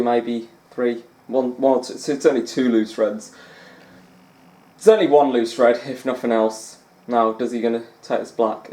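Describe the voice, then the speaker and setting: A man's voice: medium pitch, dark tone, reverberant. A man giving rambling, chatty commentary over a snooker video game and amusing himself along the way. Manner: rambling, chatty, self-amused, lots of fillers. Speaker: gaming channel host.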